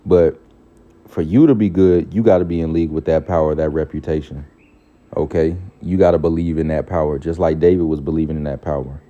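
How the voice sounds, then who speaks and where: A man's voice: a bass voice, steady tone, mellow, muffled recording. A man giving an informal scripture teaching, looking up verses as he goes and tagging lines with "all right" and "man". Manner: casual, repeats "all right" and "man", pauses to look up verses. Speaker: preacher.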